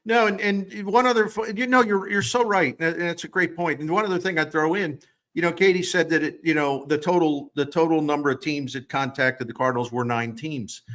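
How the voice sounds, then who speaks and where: A man's voice: a little high, brisk, a bit bright. A man co-hosting a sports talk show, ranting with heat and sarcasm and getting worked up. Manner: heated, sarcastic rants. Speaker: sports radio co-host.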